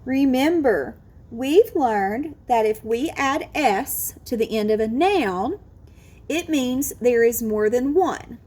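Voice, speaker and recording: Slow, lively-voiced phonics teacher woman. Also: a little high. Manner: slow, clear, encouraging modelling of word sounds. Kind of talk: phonics lesson for children.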